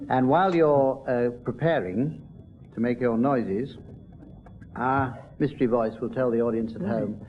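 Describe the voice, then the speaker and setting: A man chairing a comedy quiz show before a live audience, with dry, deadpan asides. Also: mid-range voice, unhurried, slight background noise. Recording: dull old radio recording with loud audience. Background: studio audience laughter.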